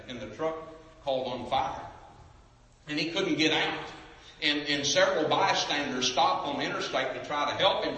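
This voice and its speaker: A man preaching an impassioned sermon, swinging between booming cries and hushed pleading in a repetitive preaching cadence. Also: a little hiss or hum. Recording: echoey hall from far off.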